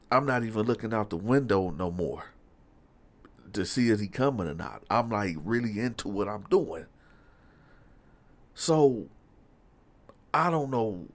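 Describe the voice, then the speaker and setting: Speaking at a medium pitch, a man acts as storyteller host, sharing a real episode from his own past. He talks right to his listeners in a loose, lively monologue packed with filler words.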